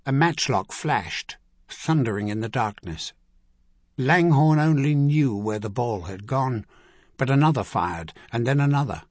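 A man reading an adventure novel aloud as narrator, measured and vivid. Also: medium pitch, animated, no room sound, studio quality. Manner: measured, vivid storytelling with acted dialogue. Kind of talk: scripted audiobook narration.

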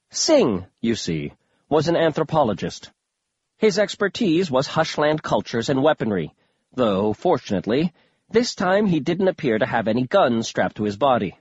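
A man's voice: mid-range voice, big pitch swings, moderate pace, a little mellow, breathy edge, no room sound, dull audio. A man narrating a story in the first person, with a wry, conversational manner. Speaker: audiobook narrator.

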